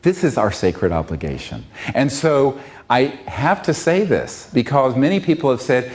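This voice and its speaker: A man's voice: mid-range voice, very animated, moderate pace, darkish tone. A man giving an impassioned public talk, fiery and emphatic. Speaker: public speaker.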